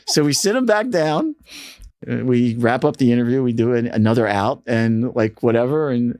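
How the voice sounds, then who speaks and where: A man telling stories on an interview, relaxed and conversational, with an average pitch. He slips into the voices of the people he is quoting as he goes. The sound is dry and close, with no room echo. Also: moderate pace. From United States. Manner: animated storyteller, acts out quoted voices. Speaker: radio programming manager, interview guest. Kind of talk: casual storytelling interview.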